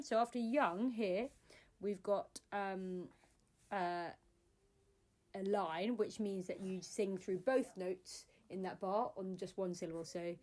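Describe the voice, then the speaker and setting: A woman's voice: medium pitch, slow, darkish tone. A woman teaching a singing lesson step by step, explaining patiently with many fillers.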